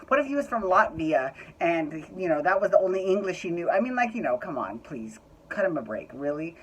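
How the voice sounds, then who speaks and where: A woman talks through last night's episode with a low voice that swoops up and down. She is chatty, blunt and quick to swear. A faint hiss of noise sits behind her. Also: very animated, highs cut off. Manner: chatty, opinionated, swears freely. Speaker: recap vlogger. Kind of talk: casual reality TV recap.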